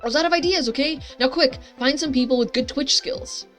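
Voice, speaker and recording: A woman's voice: sits high, fairly quick, faint music behind, pitched above the performer's own voice, lightly acted. A woman voicing an eager, scheming teenage boy in a mobile story game. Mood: defensive. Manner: pushy, excitable.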